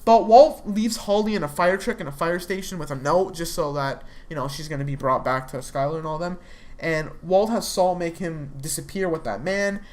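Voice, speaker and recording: A woman casually retelling a TV episode in a rambling way, with lots of fillers and restarts. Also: deep voice. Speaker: TV episode recap vlogger. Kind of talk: casual spoken episode recap.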